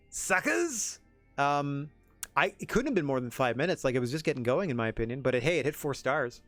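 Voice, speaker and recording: A man streaming a game, chatting casually in a rambling, self-effacing, soft-spoken way. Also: medium pitch. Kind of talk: casual chat while playing.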